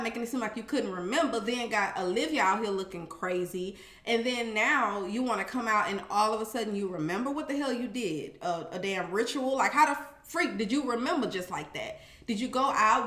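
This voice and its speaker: A woman casually recapping a reality show, animated and profane, with sassy commentary and acted-out quotes. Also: on the high side, echoey room.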